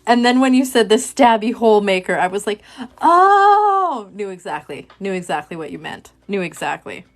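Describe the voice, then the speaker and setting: A woman's voice: mid-range voice, a little fast, a little mellow. A woman chatting casually with her livestream viewers while she works on a craft project, joking at her own expense. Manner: chatty, self-mocking, talks to chat viewers. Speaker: livestream host.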